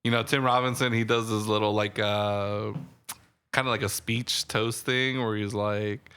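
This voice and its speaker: A man's voice: fairly low pitch, level tone, normal speed, a bit bright, clear, resonant tone. A man co-hosting a podcast, chatting casually about a movie, rambling, laughing often and acting out lines from scenes. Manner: rambling, laughing, acts out quotes. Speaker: podcast co-host. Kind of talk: casual movie review chat.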